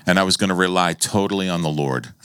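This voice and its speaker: An American man preaching a sermon as pastor, telling a story with laughs and sudden high-pitched exclamations. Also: fast, a bit bright, clear, resonant tone, no room sound.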